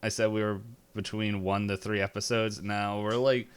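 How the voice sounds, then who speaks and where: A man's voice: fairly low pitch, normal speed, smooth. A man running a tabletop game, chatting casually with his players and acting out quotes as he tells stories. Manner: animated storyteller, acts out quotes. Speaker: game master.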